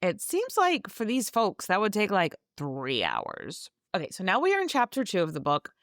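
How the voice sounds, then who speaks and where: Animated, sarcastic woman podcast host. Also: mid-range voice, moderate pace, dry recording, studio quality. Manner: sarcastic, profane, chatty. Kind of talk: casual book recap.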